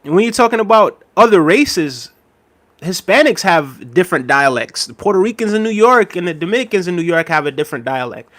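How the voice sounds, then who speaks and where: Man on a casual livestream, somewhat high voice, rambles and laughs, talks right to chat. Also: sing-song, a little fast, fairly bright tone. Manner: rambling and chatty, laughs often, addresses viewers directly.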